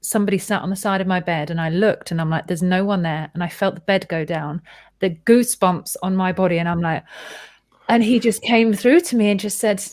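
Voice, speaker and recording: A woman's voice: mid-range voice, fairly quick, no echo. Chatty woman telling a story, dry sound. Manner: chatty, animated, frequent restarts and quoted dialogue. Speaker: host. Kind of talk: casual conversation, personal storytelling.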